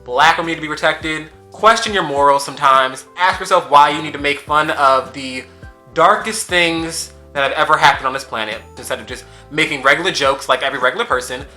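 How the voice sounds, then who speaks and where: A man delivers a ranting commentary, emphatic and sassy, hammering the same rhetorical questions again and again. His voice sits fairly high and sounds very bright and cutting. His mouth is still a little swollen from wisdom teeth removal. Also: fairly quick, faint music behind. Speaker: YouTube commentator. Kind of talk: ranting social media commentary.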